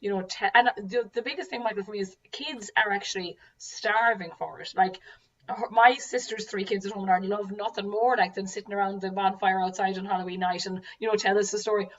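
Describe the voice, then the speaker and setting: A woman from rural Ireland hosts a conversation, thinking aloud with lots of "like" and "you know". Her voice is mid-pitched. She sounds set back from the mic, with a dull, muffled tone. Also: fairly even intonation, fairly quick, far from the mic. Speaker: host. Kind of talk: casual interview talk.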